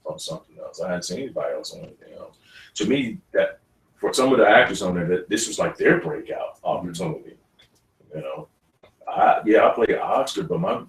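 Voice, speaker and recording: A man, an actor guest in an interview, telling stories in a lively way and laughing often. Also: low-pitched. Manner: animated storyteller, laughs often. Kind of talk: casual interview talk. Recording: roomy studio, mic at a distance.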